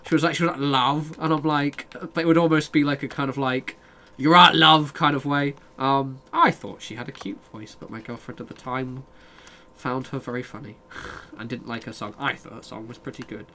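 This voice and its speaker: A man's voice: medium pitch, fairly even intonation, brisk, fairly bright tone, a little hiss or hum. A young man live-streaming a game, chatting casually with viewers, reading their messages and swearing freely. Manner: chatty, sweary, reads and answers chat.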